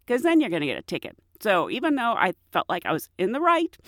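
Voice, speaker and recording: Lively chatty woman telling stories. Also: medium pitch, brisk, no echo, clean studio sound. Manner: chatty, self-mocking, laughs often. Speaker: podcast host. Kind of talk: personal storytelling monologue.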